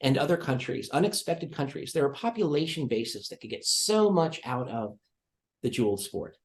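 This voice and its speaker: A man's voice: mid-range voice, expressive, moderate pace. A man chatting as an interview guest, an enthusiastic and gushing storyteller. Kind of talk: casual chat.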